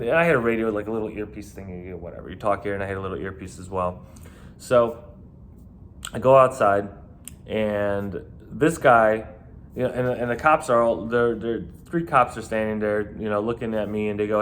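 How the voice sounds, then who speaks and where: A man's voice: fairly low pitch, fairly even intonation, normal speed, a little hiss or hum. A man who used to work as a nightclub bouncer tells stories in a casual, profane and rambling way. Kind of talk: casual storytelling.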